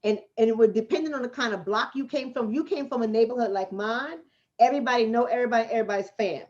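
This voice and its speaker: On a recording with the highs cut off, a relationship coach from the Bronx, New York City, hosts a casual stream and answers viewers fast. Her fairly high voice has a darkish tone, and she's blunt and streetwise, repeating herself for emphasis.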